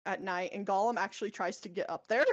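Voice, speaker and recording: A woman's voice: medium pitch, huge pitch swings, normal speed, no room sound, dull audio. Woman retelling a fantasy plot, rambling. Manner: rambling, many fillers and self-corrections. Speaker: podcast co-host. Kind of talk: casual chat, retelling a book plot.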